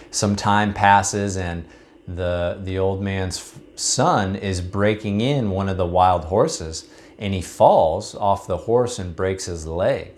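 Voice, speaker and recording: A man's voice: deep voice, slow pace, slight background noise. A man, a recovery coach, talking casually to camera and telling a story in a conversational way.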